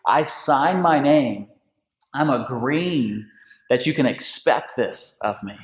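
A man hosting a faith-based conversation, preacherly and animated, with big swings in pitch. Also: takes it slowly. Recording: echoey room.

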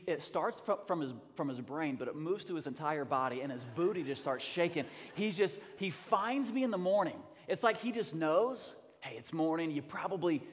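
A male pastor preaching a sermon with emphatic, energetic delivery and frequent repetitions, speaking in a church sanctuary. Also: a little high. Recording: long reverb of a large hall.

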